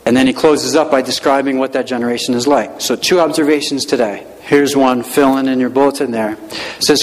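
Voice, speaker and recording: A male pastor preaching a sermon in a relaxed, conversational way, with many rhetorical questions. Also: medium pitch, normal speed, big-room sound, low-quality recording.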